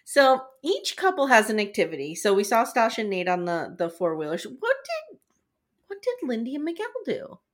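Lively woman recapping a reality show. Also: a little high, normal speed. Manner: animated storytelling, quoting people in voices, self-deprecating jokes. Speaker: podcast co-host. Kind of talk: casual recap chat.

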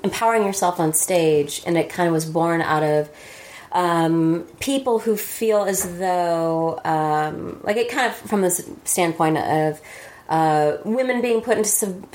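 A woman with a slightly low voice talks in a relaxed interview. She is earnest and often restarts her phrases. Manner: earnest, repeats words while finding her point. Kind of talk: casual interview talk.

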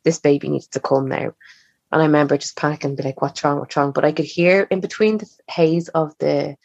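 Her deep, gravelly, darkish voice moves fairly quickly with fairly even intonation as this young woman, a podcast guest, chats through a personal story and acts out quoted lines. No room sound is audible, but the recording is slightly dull and muffled.

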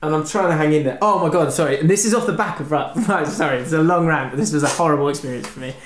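A man's voice: fairly high pitch, quick pace. A man co-hosting a podcast, telling a long rambling story in casual chat. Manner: rambling animated storytelling, acts out shouts. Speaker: podcast co-host. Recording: echoey room with faint noise.

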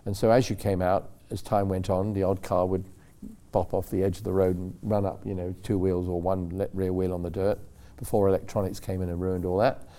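Man, low-pitched, mellow, rambling anecdotes. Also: fairly quick. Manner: rambling, animated storytelling with acted-out quotes. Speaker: racing driver telling stories. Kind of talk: casual anecdote.

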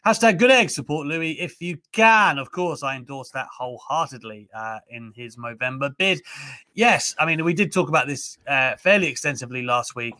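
A man's voice: on the high side, animated, moderate pace, bright, forceful tone. A man hosting a wrestling podcast, chatting casually and enthusiastically with many fillers. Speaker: podcast host.

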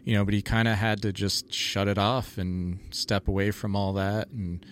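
A man's voice: fairly low pitch, level tone, normal speed, slight background noise. A man, a paranormal TV investigator, telling stories in a rambling casual chat full of "like" and "you know".

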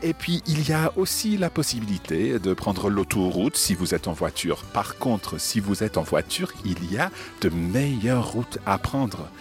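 Deep-voiced male language teacher. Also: normal speed, soft background music. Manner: relaxed, explanatory teacher tone. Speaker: language podcast host. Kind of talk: bilingual lesson narration.

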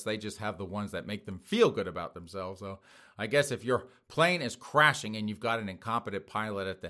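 Male commentary host, bright tone, sarcastic, mocking delivery. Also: lowish voice. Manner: mocking, sarcastic, chuckles often; addresses listeners as folks. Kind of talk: casual news commentary.

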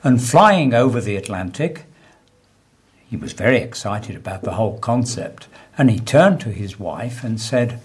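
A man spins a short comic anecdote in relaxed chat. His voice is a little husky, and his pitch rises and falls freely as he builds the story. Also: moderate pace. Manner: animated storyteller, lively pitch. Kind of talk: casual chat, telling an anecdote.

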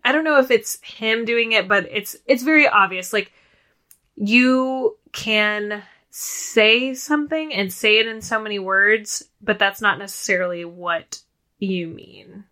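A woman co-hosting a podcast, chatting casually about a film, with lots of "like" and quick restarts. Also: medium pitch, pushed and bright. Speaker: podcast co-host.

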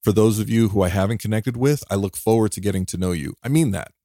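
A man hosting a podcast alone, talking in an earnest, heartfelt way, emotional and near tears, often restarting and laughing softly. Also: lowish voice, fast, no echo, studio quality. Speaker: podcast host. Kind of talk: reflective solo podcast monologue.

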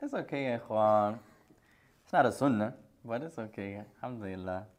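A man's voice: lowish voice, lively intonation, normal speed. A middle-aged man teaching a hadith class, joking and teasing his students and mixing Arabic phrases into his English.

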